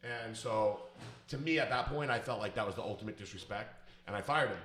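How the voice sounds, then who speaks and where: A man's voice: on the low side, a little fast, fairly bright tone, a little hiss or hum. Blunt, swearing man in echoey room. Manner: blunt, profane, emphatic. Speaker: business owner telling a personal story. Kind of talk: casual storytelling.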